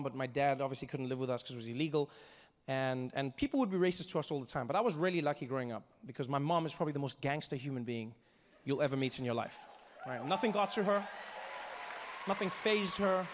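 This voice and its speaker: A man from South Africa telling a childhood story on stage in an animated way. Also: a little high. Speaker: stand-up comedian. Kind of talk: stand-up storytelling. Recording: large hall, audience heard.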